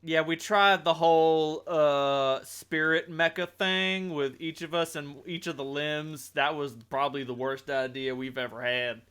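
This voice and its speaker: A man's voice: a little high, steady tone, measured pace, few pauses, fairly bright tone, smooth. A man leads a tabletop game, talking in character with a folksy drawl. His delivery is blunt and easygoing. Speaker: game master voicing a character. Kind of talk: in-character tabletop role-play.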